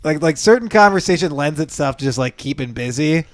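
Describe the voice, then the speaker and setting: A man's voice: on the high side, lively intonation, a little fast, no room sound. A man co-hosting a podcast in casual chat, joking crudely and laughing often. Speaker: podcast co-host.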